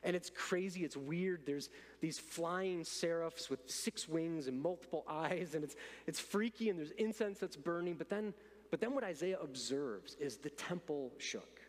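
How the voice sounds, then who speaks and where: A man's voice: fairly high pitch, measured pace, in a large hall. A man preaching a sermon as pastor, earnest and conversational, often restarting his words. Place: church sanctuary.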